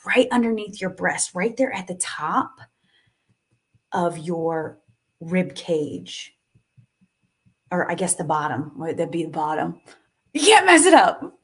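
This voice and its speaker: Woman, lowish voice, unhurried live tapping guide who talks softly and sighs between cues. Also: big pitch swings. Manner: slow, soothing, sighing between cues.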